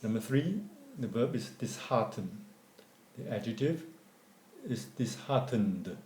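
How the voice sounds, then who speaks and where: A man reading an English grammar lesson as scripted narration, going through word forms in a measured, deliberate way. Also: mid-range voice, animated, darkish tone. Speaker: English teacher. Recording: echoey room.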